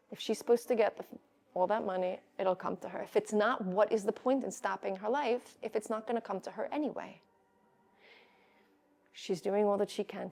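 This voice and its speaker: Woman teaching a relaxed class. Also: medium pitch. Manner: conversational, with many restarts and Hebrew terms. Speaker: Torah teacher. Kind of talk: informal class lecture.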